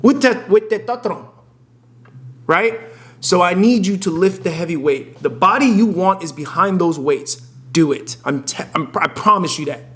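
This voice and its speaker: A man's voice: high-pitched, normal speed, a bit bright. A young man giving blunt, profane fitness advice straight to camera, emphatic and often cutting himself off mid-sentence. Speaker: fitness content creator. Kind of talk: casual direct-to-camera advice.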